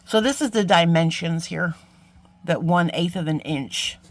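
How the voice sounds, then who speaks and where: A woman's voice: on the low side, measured pace. A middle-aged woman chatting casually through a jewelry-making tutorial, self-deprecating and talking to viewers as friends. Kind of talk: casual craft tutorial chat.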